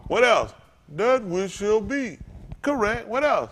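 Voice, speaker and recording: A man preaching from the pulpit with a somewhat high-pitched voice. He swings between scripture and loose, street-level storytelling, keeping it animated and direct. A faint hiss of background noise sits under his voice. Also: slow pace. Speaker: pastor. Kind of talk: sermon.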